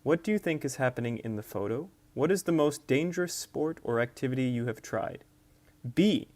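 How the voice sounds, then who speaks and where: A male English teacher talks students through a textbook unit at an unhurried, patient pace. He models word stress carefully and clearly. His voice sits at a middle pitch and is recorded close and dry, with no room sound. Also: dry recording. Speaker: ESL teacher. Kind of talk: textbook walkthrough lesson.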